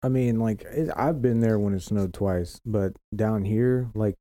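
A man's voice: on the low side, unhurried, dark tone, dry recording. A man from Florida co-hosting a casual podcast, rambling and swearing constantly. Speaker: podcast co-host. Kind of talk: casual profane chat. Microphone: home podcast mic setup.

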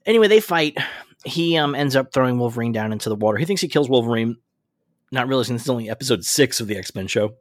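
A man's voice: mid-range voice, fast, no echo, clean studio sound. A man co-hosting a podcast, chatting casually and profanely as he recaps a cartoon, laughing often. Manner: laughs a lot, profane, excitable. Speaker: podcast co-host.

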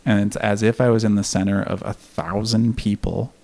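A man's voice: fairly low pitch, level tone, normal speed, warm tone. A man telling a candid personal story in casual conversation, laughing now and then and swearing freely. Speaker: podcast guest.

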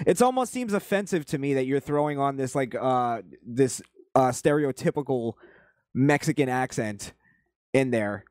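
A man talks through a video he is reacting to, in loose casual commentary that rambles and stops to restart. His voice sits at an ordinary middle pitch. The sound is dry and close, with no room around it. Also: expressive, darkish tone, no echo. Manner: rambling, halting, profane.

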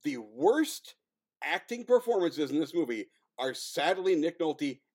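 A man co-hosting a casual film review podcast, excitable, laughing and swearing as he talks. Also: fairly high pitch, unhurried. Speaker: podcast co-host.

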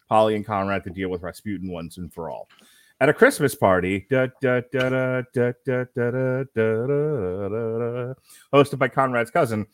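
A man co-hosting a film review podcast, reading a plot summary aloud in a halting way, stumbling over names and correcting himself. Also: on the low side, no echo. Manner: halting read with self-corrections. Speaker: podcast co-host.

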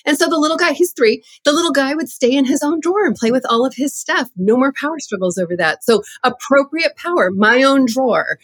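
A middle-aged woman who teaches parenting classes, telling stories in an animated, conversational way as an interview guest. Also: a little high, slightly rough, no echo. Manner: lively, animated storytelling with laughs.

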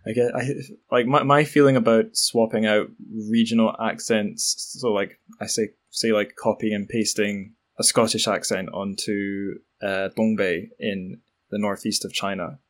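A man's voice: on the low side, little pitch movement, measured pace. Thoughtful man asking questions. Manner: thoughtful, hesitant. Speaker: interviewer. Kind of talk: casual discussion.

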